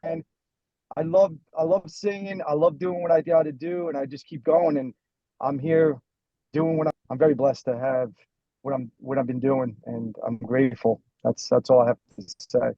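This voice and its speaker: A man's voice: a little high, steady tone, moderate pace, dry recording, highs cut off. A man who sings lead in a band, chatting casually in a rambling, self-deprecating way with many restarts. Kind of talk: casual chat.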